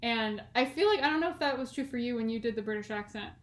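This podcast co-host is a young Californian woman in her twenties whose slightly high voice moves quickly with lively intonation. Her casual, rambling talk is packed with "like" and frequent laughter, and the sound is roomy.

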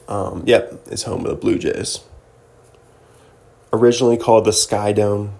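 A man's voice: fairly low pitch, fairly even intonation, moderate pace, vocal fry, pauses often, a little mellow. A man hosting a casual solo show, rambling and joking as he reads through a list, now and then slipping into silly mock voices. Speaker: podcast host.

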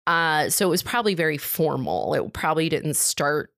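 A woman comedian telling a wild personal story as a podcast guest, casual and blunt, with deadpan punchlines. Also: low voice, normal speed, dry recording, clean studio sound.

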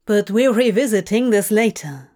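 A woman's voice: mid-range voice, lively intonation, moderate pace, darkish tone, close to an everyday voice. Woman reading as a smirking male demon. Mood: smug teasing. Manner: teasing, smirking. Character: smug, leering male demon lover. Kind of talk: narrated fan-fiction reading.

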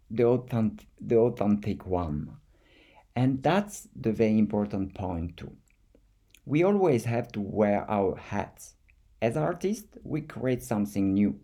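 Speaking in a warm, medium-pitched voice, a French-accented artist vlogger works through his thoughts in a reflective monologue. Words come haltingly, often repeated while he looks for what he means.

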